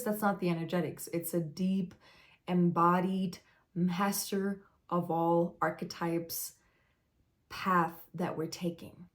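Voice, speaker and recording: Woman spiritual coach, slow and earnest, lowish voice, improvised live talk full of "like" fillers. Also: flat delivery. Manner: earnest, searching for words, frequent "like" fillers. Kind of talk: unedited stream-of-consciousness live talk.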